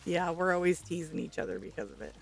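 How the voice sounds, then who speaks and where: A woman's voice: lowish voice, sing-song, quick pace, vocal fry, faint music behind. A woman streaming a farming game, chatting casually with viewers, reading their messages aloud and laughing often.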